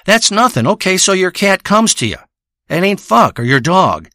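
A man's voice: sits high, sing-song, moderate pace, sharp tone, no echo, studio quality. A man telling a crude, profane, rambling comedic monologue. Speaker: comedic storyteller.

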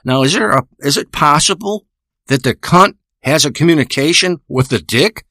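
A man's voice: fairly high pitch, animated, moderate pace, pushed and bright, no room sound. A man delivering a rambling, profane, boastful spoken monologue into a close microphone. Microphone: close studio microphone.

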